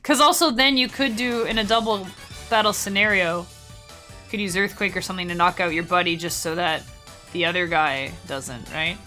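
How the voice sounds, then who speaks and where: In a fairly low but bright and forceful voice, a young woman chats casually with her viewers during a live game stream, with faint music behind. She talks to chat and laughs readily.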